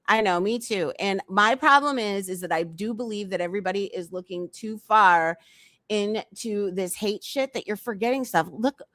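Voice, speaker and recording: A woman's voice: fairly high pitch, no echo. Blunt woman livestreamer, dry close sound. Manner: blunt, emphatic, repeats her points. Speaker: commentary livestream host. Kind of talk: casual livestream commentary.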